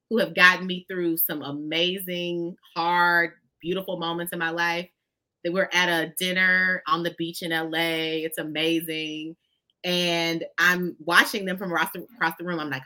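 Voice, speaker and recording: Woman, lower voice, bright tone, expressive storyteller, folksy guest. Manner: expressive, folksy, addresses listeners as "y'all". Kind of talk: conversational storytelling.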